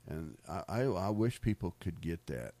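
A man's voice: low voice, very animated, moderate pace, mellow. A middle-aged man from the United States telling faith stories in a casual, rambling way, often repeating words and laughing. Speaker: speaker sharing faith stories. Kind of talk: casual storytelling testimony.

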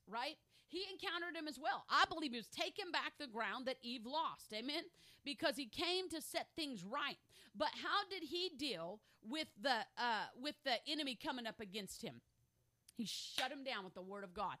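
A woman pastor delivers a sermon in a bright, somewhat high voice. She moves from calm scripture reading and teaching to fervent, emphatic declarations, often checking in with her congregation. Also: moderate pace. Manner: fervent, checks in with "okay?" and "amen?"; builds from reflective to loud emphatic declarations. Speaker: preacher.

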